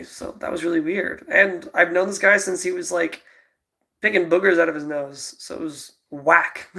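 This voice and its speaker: Giggly young man with vocal fry. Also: high voice, fairly bright tone. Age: 20s. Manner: rambling, giggly, lots of fillers. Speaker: livestream host. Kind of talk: casual livestream chat.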